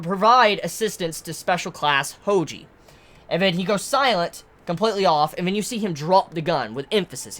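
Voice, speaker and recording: Woman, manga reviewer. Animated, expressive delivery, swears freely, stumbles and restarts. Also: fairly low pitch. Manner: excited, swears a lot, stumbles on words. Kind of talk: casual commentary.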